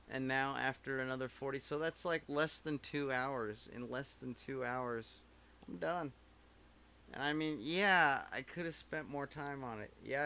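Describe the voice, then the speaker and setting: Man, slow rambling live-stream chat, profane and self-mocking, bright voice, faint noise behind. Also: medium pitch, creaky. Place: home recording setup.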